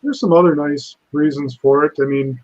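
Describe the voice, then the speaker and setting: A man's voice: a little high, steady tone, normal speed. A man appearing as a company chief on a livestream, explaining plainly and matter-of-factly. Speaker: company CEO guest. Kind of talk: casual Q&A on a livestream. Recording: dull remote call audio.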